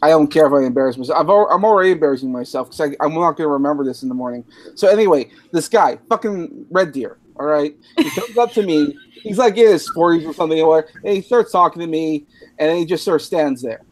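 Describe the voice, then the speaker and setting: A man's voice: on the high side, fast talker, a little hiss or hum. Drunk, rambling man telling a story. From Canada. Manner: rambling, profane, laughing at his own story. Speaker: podcast host. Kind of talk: casual storytelling chat.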